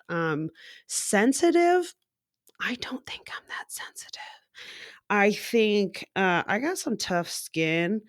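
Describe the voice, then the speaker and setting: A woman's voice: low-pitched, no echo, studio quality. A young woman vlogger who reads her horoscope aloud and reacts to it in casual, blunt chat, swearing freely.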